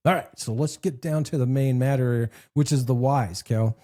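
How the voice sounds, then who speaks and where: A man's voice: medium pitch, moderate pace, warm tone. A man co-hosting a podcast, telling a rambling joke and leading casual chat. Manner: rambling storyteller, laughs at own jokes. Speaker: podcast co-host.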